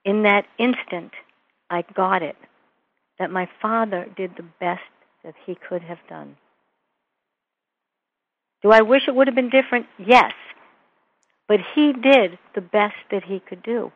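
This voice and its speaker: A woman guest in a conversation tells a personal story earnestly and acts out the people she quotes. Her voice sits at a middle pitch. It comes through a narrow, tinny line, like a phone call. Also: a little slow, pauses often, no room sound. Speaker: guest, minister and author. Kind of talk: interview conversation.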